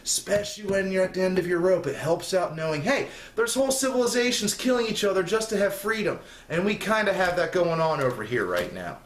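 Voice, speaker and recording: A man's voice: high voice, lively intonation, fairly quick, few pauses, slight background noise. A young man delivering a rambling, sarcastic comedic rant as a segment host on a spoof news show. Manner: rambling, sarcastic, ranting with rising exasperation. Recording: echoey room with faint ambience.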